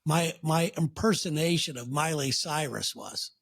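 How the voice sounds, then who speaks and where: A man co-hosting a comedy podcast chats casually and boasts in jest. His voice is gravelly and pitched a little high. His delivery is playful and loose. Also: unhurried, a bit bright. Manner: joking, self-boasting. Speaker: podcast co-host.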